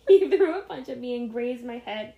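A woman's voice: a little high, animated, moderate pace, gravelly, phone-quality sound. A woman co-hosting a podcast, reading a story aloud casually, giggling and stumbling over words. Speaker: podcast co-host reading stories. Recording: echoey room.

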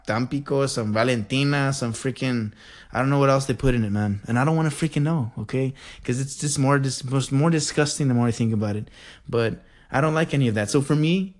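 A man from the El Paso area hosting a podcast, rambling in an animated, digressive way. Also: medium pitch. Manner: animated, digressive, says "freaking" a lot. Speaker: podcast host. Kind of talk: rambling casual monologue.

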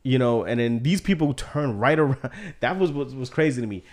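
Animated, profane man chatting about a movie. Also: medium pitch, a little fast. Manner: profane, joking, animated storyteller. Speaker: podcast co-host. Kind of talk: casual movie-discussion chat.

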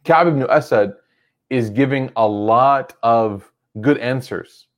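A man's voice: mid-range voice, slow pace. A man giving a religious lecture, retelling a story in a loose, conversational way full of "like" and "you know".

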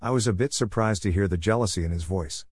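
A man reading a first-person story in a steady, even way. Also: deep voice, fast, breathy edge, dry recording, studio quality. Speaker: narrator.

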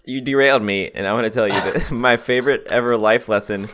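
A man's voice: medium pitch, fast talker, a bit bright. A young adult man co-hosting a podcast, chatting casually, laughing often and telling stories. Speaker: podcast co-host. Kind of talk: casual chat.

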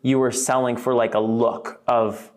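A man hosting an interview, who mostly gives short affirmations and asks halting, searching follow-up questions. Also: medium pitch, flat delivery. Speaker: podcast host.

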